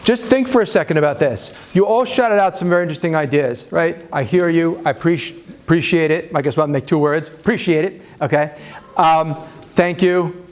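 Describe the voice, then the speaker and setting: A man's voice: a little high, brisk. Upbeat man lecturing a live audience. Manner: conversational, self-deprecating humor, frequent fillers and restarts. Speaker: speaker leading a marriage seminar. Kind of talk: live seminar talk to an audience.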